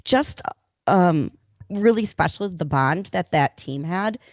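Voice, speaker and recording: A woman co-hosting a podcast, chatting casually and telling stories with animated enthusiasm. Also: fairly low pitch, slow pace, dry recording. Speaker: podcast co-host. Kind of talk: casual chat.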